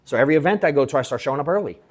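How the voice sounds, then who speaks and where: A man holding forth to a workshop crowd with a loose, slangy storytelling style, swearing freely. He acts out what people said to him with animated quotes. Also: on the high side, rapid-fire. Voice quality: slangy and profane, animated retelling with acted quotes. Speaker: sales coach speaking at a workshop. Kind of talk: casual storytelling to a live audience. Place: event room at an in-person workshop.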